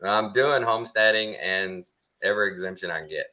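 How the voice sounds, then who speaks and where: A man's voice: lowish voice, fairly quick, lo-fi sound, a little hiss or hum. A man with a Texan accent, chatting casually and acting out the people in his stories. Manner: animated storyteller, acts out quoted people. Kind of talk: casual chat.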